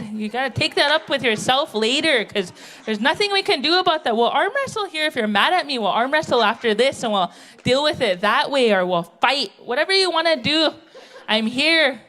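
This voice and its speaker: Woman stand-up, middle-aged, blunt and brash, pitched a bit high, stage mic in a theatre. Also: expressive, moderate pace, sharp tone. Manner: blunt, brash, tell-it-how-it-is. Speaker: stand-up comedian. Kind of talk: stand-up comedy set. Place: theatre stage, live audience.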